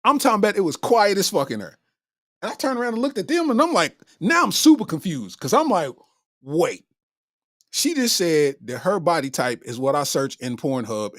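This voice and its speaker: A man's voice: a little high, no echo. Guy telling a funny story, voice jumping all over, dry close mic. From Kentucky. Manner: animated, acts out his own reactions. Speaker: comedian host. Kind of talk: casual storytelling.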